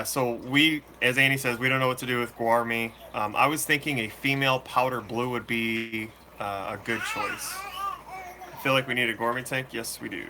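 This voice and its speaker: A man hosting a fishkeeping channel, chatting casually and answering viewer questions live in a relaxed, slangy way. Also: medium pitch, slight background noise. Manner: laid-back, slangy, chatty. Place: room full of fish tanks.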